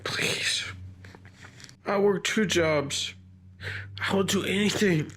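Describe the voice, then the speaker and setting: A man's voice: sits high, takes it slowly, a bit bright. A man on archival self-recorded audio, upset and tearful, talking in an emotional, unsteady way. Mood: pleading. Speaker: suspect in recorded messages.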